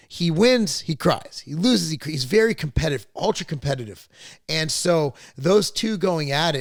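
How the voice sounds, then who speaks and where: With a voice on the high side and no audible room sound, a middle-aged man hosts a podcast, casually swapping family stories in a loose, swear-filled, meandering way.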